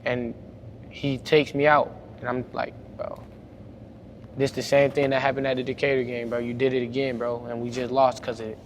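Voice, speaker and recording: A young man speaks in a casual, unscripted way with a drawl. His voice sits at an everyday middle pitch and turns animated and loud whenever he acts out an argument. A faint background noise runs under the recording. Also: moderate pace. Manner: animated, gets louder retelling arguments. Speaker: high school basketball player. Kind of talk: casual storytelling to camera.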